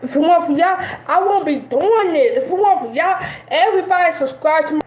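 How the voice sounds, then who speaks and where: A woman's voice: very high voice, lively intonation, quick pace, darkish tone. A woman streamer ranting in a defiant, dismissive way, repeating the same short phrases again and again. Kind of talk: live-stream rant. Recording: echoey room with faint music.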